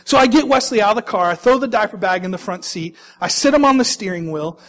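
High-voiced young pastor telling a story. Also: male voice, fast talker. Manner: animated, self-mocking storyteller. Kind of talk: personal anecdote told to an audience.

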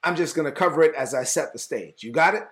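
Male preacher, high voice, casual conversational sermon, animated, acts out scenes. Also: fast talker.

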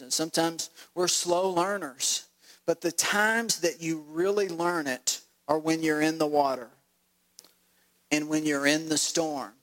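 Brief: man, pastor preaching, animated storyteller, slightly high voice. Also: poor audio. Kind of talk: sermon.

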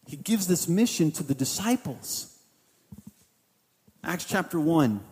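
A man's voice: a little high, animated, slow, a little mellow, in a large hall. A man preaching a sermon as pastor, casual and conversational, voicing what the disciples might have thought.

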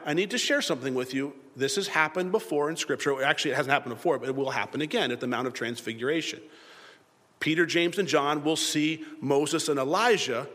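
A man's voice: medium pitch, a bit bright, long reverb tail. A man preaching a sermon and acting out the biblical dialogue in different voices.

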